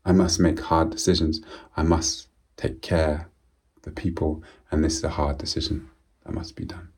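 A man's voice: a bass voice, flat delivery, normal speed, breathy edge. A man doing a heartbroken dutiful king. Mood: sorrowful. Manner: quiet and sorrowful. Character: heartbroken king bound by duty.

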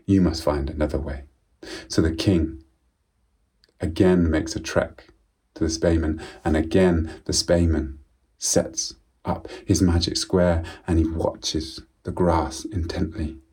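A man telling a folk tale aloud in a measured, solemn way, often dropping to a quiet voice. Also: low voice, level tone, breathy edge. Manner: slow, measured and solemn with repetitions. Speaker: storyteller. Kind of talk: oral storytelling of a folk tale.

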